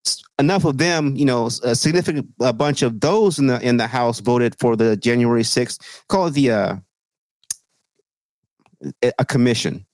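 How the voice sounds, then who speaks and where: Male podcast co-host, mid-pitched, sarcastic and profane, dry close sound. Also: normal speed, a little mellow, no echo. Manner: profane, sarcastic, mocking quoted voices. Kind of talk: casual political chat.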